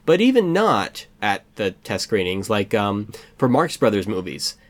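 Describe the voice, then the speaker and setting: A man with an American accent co-hosting a casual podcast about movies, rambling and joking with quick asides. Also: on the low side, big pitch swings. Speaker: podcast co-host. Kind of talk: casual movie review chat.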